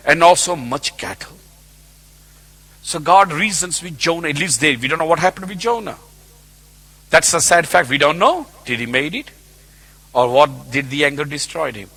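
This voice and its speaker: A man preaches in a church in a bright, somewhat high voice. He retells a scripture story in his own plain words. His delivery swings between loud, emphatic bursts and quiet, low asides. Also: creaky. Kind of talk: sermon.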